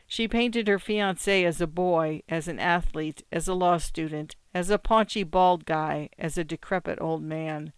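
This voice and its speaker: A reader narrating literary short stories in a calm, measured way. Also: medium pitch, clear, resonant tone, dry recording. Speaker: audiobook reader. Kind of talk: scripted short story narration.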